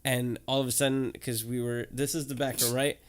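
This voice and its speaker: A man, a podcast co-host telling stories in casual, swearing, animated chat. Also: medium pitch, brisk.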